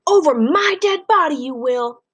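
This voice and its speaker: A woman voicing a shrill, tearful grandmother. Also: big pitch swings, measured pace. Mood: tearful, shouting. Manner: high, loud and pleading. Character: distraught, tearful elderly grandmother, shouting.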